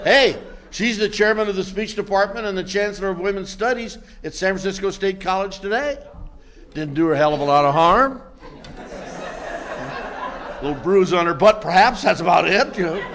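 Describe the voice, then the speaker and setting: An older man telling a self-mocking story to a meeting audience in a wry, comic way that builds into shouting. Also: high voice, moderate pace, a little hiss or hum. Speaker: recovery meeting speaker.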